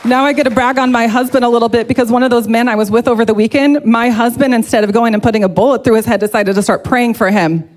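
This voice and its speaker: A woman's voice: a little high, steady tone, quick pace, few pauses. Earnest woman giving church testimony. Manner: emotional, heartfelt, speaks openly and earnestly. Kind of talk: personal testimony to a congregation.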